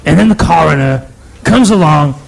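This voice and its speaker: A man voicing a stand-up comic who builds up a story, then shouts the punchline. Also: fairly high pitch, lively intonation, normal speed, creaky, faint music behind. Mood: solemn.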